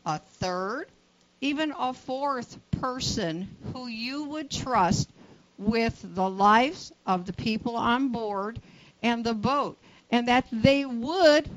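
A woman boating-safety instructor explains the basics on the radio in a practical, matter-of-fact way. Her voice sits a touch high. The sound is muffled and lo-fi, like a call-in line. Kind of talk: radio interview.

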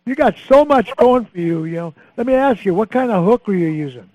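High-pitched guy co-hosting fishing radio, eager, dry sound. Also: brisk, no room sound, low-quality recording. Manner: excitable, chiming in with interjections. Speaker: radio show co-host. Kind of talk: casual radio chat.

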